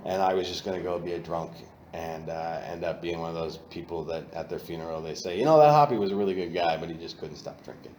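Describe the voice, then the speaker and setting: A man telling his recovery story at a meeting, candid and profane, and he gets loud when he acts out old moments. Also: low voice, roomy sound, slight background noise. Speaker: AA meeting speaker. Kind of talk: personal recovery talk. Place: meeting room.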